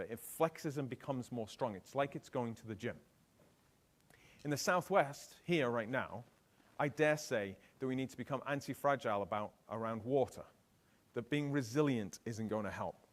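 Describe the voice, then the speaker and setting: A middle-aged British man speaks at a conference keynote with an animated, swooping delivery. He keeps turning to the audience with questions, and his voice sits at an ordinary middle pitch. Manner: lively, asks the audience questions.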